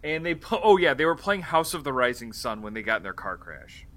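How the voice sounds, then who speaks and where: Bright-voiced man recapping a movie. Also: medium pitch, big pitch swings, a little fast. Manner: rambling plot recap with fillers and swearing. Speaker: podcast co-host. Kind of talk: casual movie-review chat.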